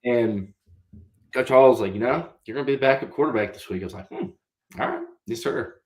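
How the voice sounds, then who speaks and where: A man's voice: mid-range voice, brisk, slight background noise. Young man telling a story in a roomy room. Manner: polite, says "yes, sir". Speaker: podcast guest, former college quarterback. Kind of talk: casual storytelling. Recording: roomy echo.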